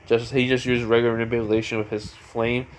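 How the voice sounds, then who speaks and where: A man's voice: mid-range voice, little pitch movement, a little fast, a little hiss or hum. A man casually retelling a fan story, rambling with lots of fillers and restarts.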